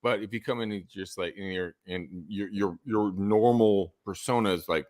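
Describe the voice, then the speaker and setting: A man giving sales advice as a podcast guest, animated and swinging his voice up and down for emphasis. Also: low-pitched, normal speed, few pauses, dry recording, clean studio sound. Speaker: real estate sales coach.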